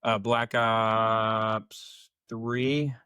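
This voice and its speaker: Low-voiced young man telling rambling stories. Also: level tone, very slow, bright, forceful tone, clean tone, no echo. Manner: rambling, filler-heavy storytelling. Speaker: podcast co-host. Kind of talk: casual storytelling chat.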